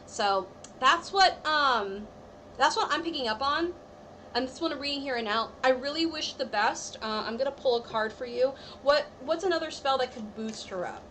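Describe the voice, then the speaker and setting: A woman's voice: high voice, lively intonation, moderate pace, a bit bright, a little hiss or hum, low-quality recording. Chatty woman giving a tarot reading. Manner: chatty, reassuring, full of "like" and "I feel like". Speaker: tarot reader. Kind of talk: live-stream tarot reading.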